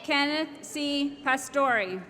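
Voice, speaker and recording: A woman reading out graduates' names one by one at a commencement, slow and measured, over a podium microphone. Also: high voice, animated, very noisy. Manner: slow, measured name-by-name announcing. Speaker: commencement name reader. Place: large ceremony hall. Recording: echoey hall with loud crowd ambience.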